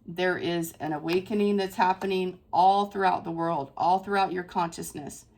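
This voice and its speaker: A woman's voice: fairly low pitch, steady tone, normal speed, a little mellow. A woman giving a casual spiritual tarot reading to her viewers, effusive and emphatic, repeating phrases for stress. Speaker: tarot reader.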